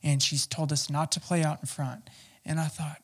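Halting man telling his life story. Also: on the high side, flat delivery, breathy edge. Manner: halting, rambling, many fillers and restarts. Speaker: guest. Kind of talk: personal testimony in casual interview.

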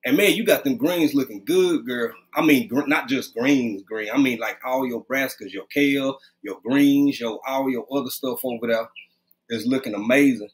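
A man with a mid-range voice speaks at a moderate pace, hosting a casual live stream from home. Leaning in close to his webcam mic, he greets viewers by name in a loose, chatty way.

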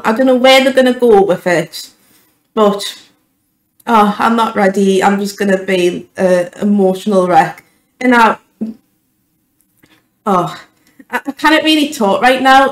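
A woman's voice: a little high, reverberant, low-quality recording. A young woman giving an emotional, gushing reaction to a film trailer, stumbling over her words as a YouTube vlogger. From United Kingdom.

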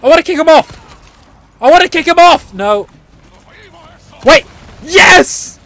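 A man narrates his own gameplay in a high, lively voice, veering from shouts and curses to quick, chatty asides. He laughs easily and talks straight to his viewers. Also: vocal fry. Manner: excitable, yelling and swearing at the game. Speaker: gaming channel host. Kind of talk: let's play commentary.

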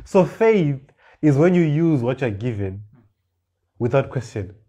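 Mellow-voiced man preaching a sermon. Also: medium pitch, sing-song. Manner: reads verses slowly, then explains with rising emphasis and repeated words. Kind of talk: sermon, reading and explaining scripture.

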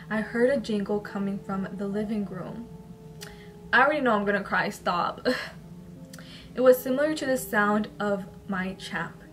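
Emotional woman reading viewer emails. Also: medium pitch. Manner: emotional, tearful laughter between readings. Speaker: YouTuber reading viewer-sent stories. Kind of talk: reading emails aloud with chatty asides. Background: soft background music.

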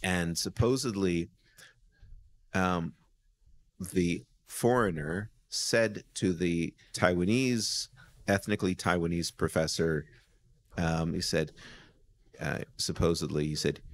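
An American man with a very low voice tells stories in a relaxed podcast chat. He rambles, stacking "you know"s and restarting his sentences, and grows animated as he goes. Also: slow pace, long pauses, no room sound. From United States. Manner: animated storyteller. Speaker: guest, lawyer. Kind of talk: casual podcast conversation.

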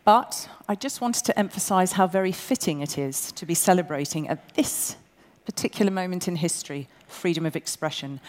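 A woman hosts a live award ceremony, brisk, bossy and quick with a joke. Her voice sits on the low side for a woman. Her words ring out with a long reverb through a large event hall. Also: darkish tone. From England. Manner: bossy, brisk and jokey with the audience. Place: large indoor event venue.

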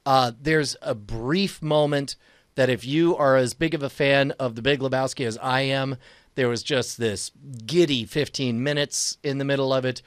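A man co-hosting a podcast, chatting casually in an excitable way with stammered restarts. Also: medium pitch, moderate pace, smooth, no echo, clean studio sound. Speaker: podcast co-host. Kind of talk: casual chat.

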